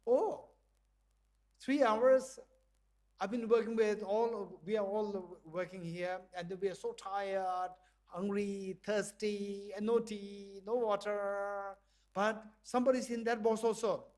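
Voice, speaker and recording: This visiting professor speaks slowly and mellowly in a high voice with little pitch movement, lecturing in a lecture hall. While leading a group exercise, he playfully performs tiny dialogues in small voices, laughing frequently.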